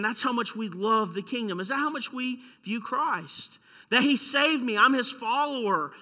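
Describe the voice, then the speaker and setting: Male pastor, emphatic sermon delivery, high bright voice, big hall reverb. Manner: emphatic, rhetorical questions, storytelling.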